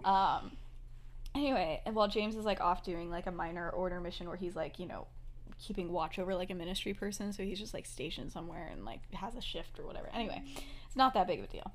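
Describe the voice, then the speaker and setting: A young woman hosting a podcast, casually telling a fan-fiction story. She laughs often and acts out the characters' lines as quick quotes. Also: on the low side. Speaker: podcast host.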